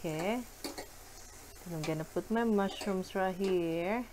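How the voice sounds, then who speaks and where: A woman cooking at home and chatting to her viewers, giggly and excitable. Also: mid-range voice, unhurried, slight background noise. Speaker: cooking vlogger. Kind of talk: casual cooking chat to viewers. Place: home kitchen.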